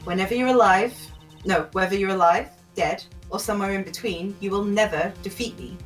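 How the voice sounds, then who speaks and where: A woman voicing a calm, confident female lawyer spirit, speaking in a cool, measured way while reading game dialogue aloud. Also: mid-range voice, far from the mic, soft background music, close to an everyday voice. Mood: cold.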